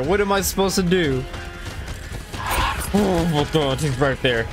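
A man hosting a let's play channel, commentating excitably, swearing and exclaiming as he plays. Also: fairly high pitch, a little slow, pauses often, over music. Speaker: gaming channel host.

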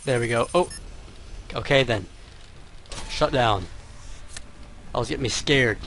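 A man's voice: medium pitch, a little slow, fairly bright tone, slight background noise. A man commentating his own gameplay, often muttering to himself and exclaiming in frustration. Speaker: let's play gamer.

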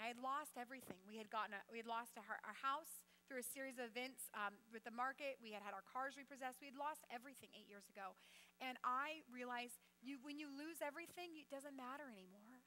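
A woman's voice: sits high, pushed and bright. A middle-aged woman, a guest speaker in a church, preaching a sermon and talking straight to the congregation with questions.

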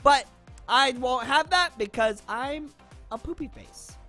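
A woman's voice: high voice, slow, bright, forceful tone, faint music behind. A woman from Boston, a YouTuber, giving playful, rambling commentary while showing character voices in a game. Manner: playful and rambling, with frequent laughs.

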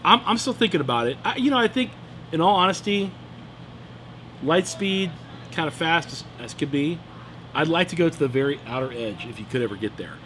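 A man's voice: on the high side, lively intonation, brisk, a bit bright, slight background noise. A middle-aged man hosting a cigar review, chatting in an enthusiastic, joking way. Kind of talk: casual chat. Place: room in Phoenix, Arizona.

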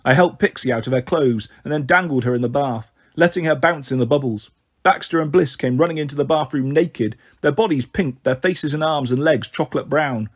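Husky man reading a children's novel. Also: fairly high pitch, fairly quick. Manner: steady first-person reading. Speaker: storyteller. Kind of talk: scripted narration of a children's novel.

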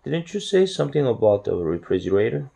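A man's voice: medium pitch, big pitch swings, brisk, vocal fry, warm tone, husky, heavily acted. A man voicing Harold, a bewildered family dog. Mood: puzzled. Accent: Korean. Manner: bewildered, exasperated questions. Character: puzzled, easily excited male family dog.

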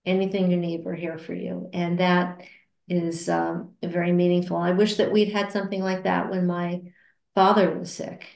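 A woman being interviewed about her work at a cancer support center, speaking earnestly and reflectively, with many hesitations and restarts, and acting out quoted remarks in a higher voice. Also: flat delivery, moderate pace, creaky, a little mellow. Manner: acts out quoted remarks with raised pitch. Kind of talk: casual interview conversation. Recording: roomy echo.

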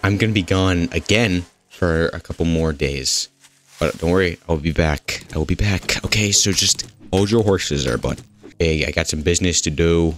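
A man's voice: low voice, normal speed. A man casually narrating his gameplay, joking, rambling and talking back to the characters in the game. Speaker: gaming host. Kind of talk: goofy gameplay commentary.

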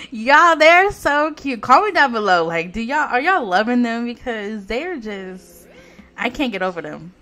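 Lively, high-voiced woman gaming YouTuber. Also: a little slow. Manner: animated, laughs often, swears, talks to viewers directly. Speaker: Sims gameplay YouTuber. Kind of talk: casual let's-play commentary.

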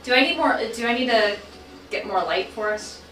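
A woman's voice: a little high, animated, moderate pace, bright, forceful tone, roomy sound, far from the mic. A woman co-hosting a show, chatting casually and clowning around while the mic gets checked. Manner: playful, sings and clowns around. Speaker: podcast co-host. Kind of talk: casual chat before going live.

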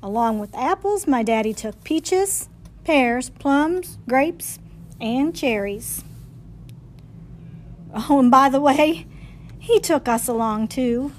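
A woman reading a picture book aloud at library storytime, with expressive, playful storytelling. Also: sits high, takes it slowly, pauses often, a little hiss or hum.

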